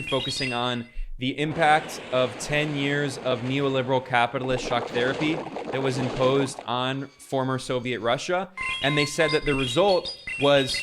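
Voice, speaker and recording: A man's voice: medium pitch, very noisy. A man delivering a polemical political commentary monologue, emphatic, with frequent restarts.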